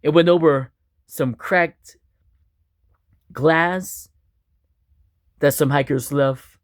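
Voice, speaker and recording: A man's voice: a little high, no echo, studio quality. A man telling an improvised spooky, funny story with many restarts and asides. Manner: unhurried, animated, with restarts.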